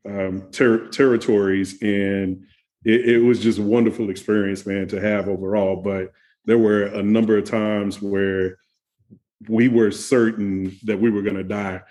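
A man's voice: lowish voice, level tone, unhurried, darkish tone. A man telling road-trip stories in casual chat, laughing often and restarting his sentences. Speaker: guest. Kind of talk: casual conversation.

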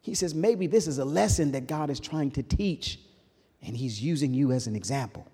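A man preaching a sermon in an animated call-and-response style. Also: mid-range voice, moderate pace, husky. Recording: reverberant hall.

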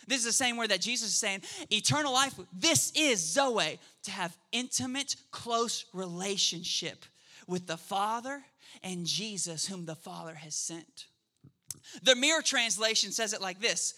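Lively man preaching a sermon, bright voice. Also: high-pitched, moderate pace. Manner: conversational preaching, checks in with the crowd; acts out quoted voices in a lively way. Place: church service.

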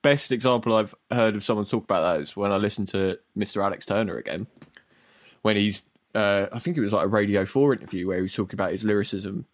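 A man hosts a casual music podcast in a lowish voice. He is animated and sweary and tells stories with energy. The sound is dry and close. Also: fast, no room sound. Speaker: podcast host. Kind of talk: casual chat.

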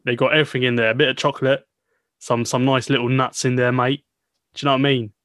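Man doing a cocky, matey Cockney geezer in a mid-pitched voice, close dry sound. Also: little pitch movement, quick pace, fairly bright tone, no room sound, natural voice. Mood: swaggering. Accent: Cockney put-on.

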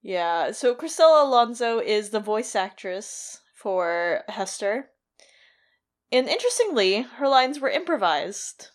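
A woman co-hosting a podcast, talking casually and thoughtfully about a TV episode with quick asides. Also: on the high side, big pitch swings. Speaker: podcast co-host. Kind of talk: casual chat recapping a TV episode.

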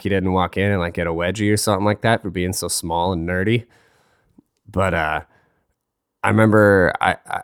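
A man's voice: low voice, smooth, dry recording, studio quality. A man hosting a casual solo talk, rambling and joking crudely, his voice stuffy from a cold. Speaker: podcast host.

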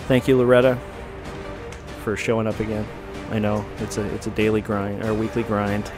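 A man's voice: lowish voice, little pitch movement, normal speed, music in the background. A middle-aged man hosting a talk show, reading out rules in a dry, joking way. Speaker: host. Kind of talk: casual talk show banter.

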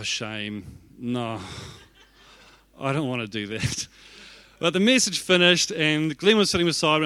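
A man's voice: a little high, bright, forceful tone, no echo. A man, an executive pastor telling a self-deprecating story in a sermon and acting out his own reactions.

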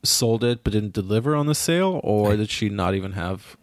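An American man co-hosting a podcast, chatting in a gossipy, animated way with his pitch jumping up when he gets excited. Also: brisk. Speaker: podcast co-host. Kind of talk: casual chat.

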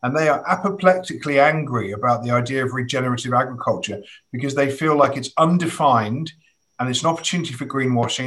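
A man's voice: medium pitch, fairly bright tone. A man interviewing a guest, asking long, thoughtful questions and telling anecdotes in a conversational way.

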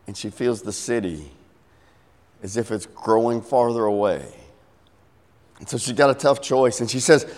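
A man's voice: mid-range voice, normal speed, pauses often, darkish tone. A middle-aged man preaching a sermon, telling a story and acting out its voices with big swings. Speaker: pastor. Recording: long hall reverb.

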